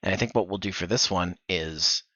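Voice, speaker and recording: A man's voice: low-pitched, brisk, sharp tone, dry recording. A man hosting a voice acting workshop stream, encouraging as he directs and demonstrates lines, speaking into a gaming headset mic. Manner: encouraging, directs with demo readings. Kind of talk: instructive streaming chat. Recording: dull, dry headset audio.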